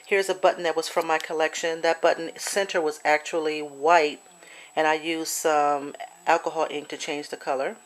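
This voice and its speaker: A woman's voice: low voice, flat delivery, normal speed. A woman chatting her way through a handmade craft project with many fillers and restarts, now and then apologetic. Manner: gets emotional and apologetic. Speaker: crafter showing a swap project. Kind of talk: casual show-and-tell craft video.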